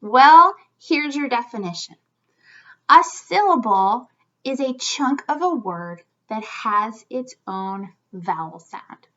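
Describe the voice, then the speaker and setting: A woman with a bright, fairly high voice leads a lesson for small children. Her pitch swings widely, and she speaks in an unhurried, deliberate way. The recording is slightly dull and lo-fi. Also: lively intonation. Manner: clear, slow demonstrating speech for young learners. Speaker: teacher.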